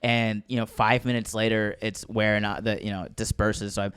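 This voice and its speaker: A man in his thirties tells a story in casual podcast talk. He talks like a stand-up comedian and acts out what people said with lively jumps in voice. The sound is dry and close. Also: on the low side, fairly quick, clean tone, no room sound. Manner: animated storyteller acting out quotes with profanity.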